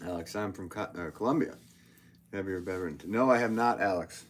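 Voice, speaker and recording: A potter from Connecticut, USA, with a Connecticut accent, hosts a livestream from his studio, reading viewer comments and joking at his own expense. His deep voice moves fairly quickly over slight background noise. He's chatty and self-mocking, often restarting his sentences.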